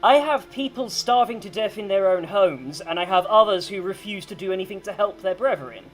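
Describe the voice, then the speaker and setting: Gm doing a stuffy town official, cold and self-righteous, talks kinda fast. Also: mid-range voice, soft background music, close to an everyday voice, low-quality recording. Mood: haughty. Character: stiff self-righteous male town chamberlain.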